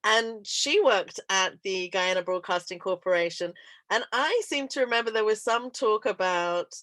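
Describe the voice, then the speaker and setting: A woman's voice: mid-range voice, normal speed, no echo. English woman hosting an online call, chatty w lots of ums, dry close sound. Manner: warm, chatty, laughs often, hesitant fillers. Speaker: host. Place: video call. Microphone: computer mic on video call.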